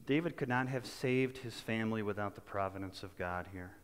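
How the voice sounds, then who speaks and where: A man's voice: lowish voice, fairly quick, clear, resonant tone, in a large hall. A male pastor giving a sermon in a conversational, folksy manner, often restarting his phrases. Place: church sanctuary.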